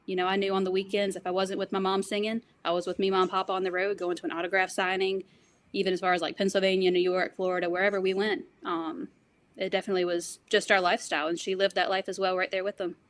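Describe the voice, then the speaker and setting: A woman speaks quickly and fondly as an interview guest, sharing personal family memories. Her voice sits at a middle pitch. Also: level tone. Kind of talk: conversational interview.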